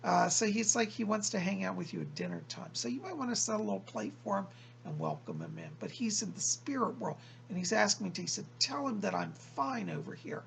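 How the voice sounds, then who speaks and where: A man working as a psychic medium, relaying messages from a spirit to a viewer and repeating "he said" as he passes the words along in slow, drawn-out phrases. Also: high voice, huge pitch swings, gravelly, fairly bright tone, a little hiss or hum. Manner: keeps quoting the spirit with "he said".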